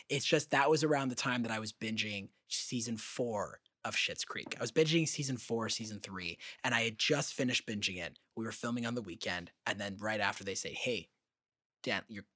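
A young man co-hosting a casual chat, telling animated stories with swearing and acted-out quotes. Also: on the low side, a little fast, few pauses, no echo, clean studio sound. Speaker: podcast co-host.

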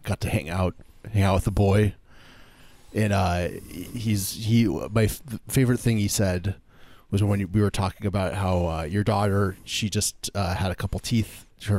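A man with a very low voice, joking around in an easy, casual back-and-forth. His humor is dry and deadpan, and it comes out as quick one-liners and laid-back asides. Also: no room sound. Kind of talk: casual comedic chat.

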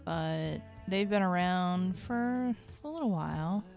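A woman's voice: fairly low pitch, animated, slow pace, gravelly, darkish tone. A young woman co-hosting a casual podcast, chatting and introducing songs with a jokey, giggly manner. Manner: giggly, jokey, breaks into laughter. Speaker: podcast co-host. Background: faint music.

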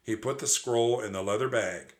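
A man narrating a children's audiobook with a steady, expressive read-aloud delivery. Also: medium pitch, moderate pace.

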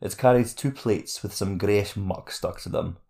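A man narrating a fantasy audiobook chapter in a steady, measured reading voice. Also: on the low side, creaky.

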